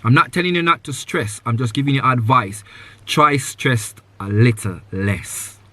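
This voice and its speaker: Male podcast host, mid-pitched and bright-toned, earnest advice-giver, dry close recording. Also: a little slow, dry recording. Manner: earnest, advice-giving, repeats key points; loose sentences with many "you know" fillers. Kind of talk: live podcast conversation with a guest.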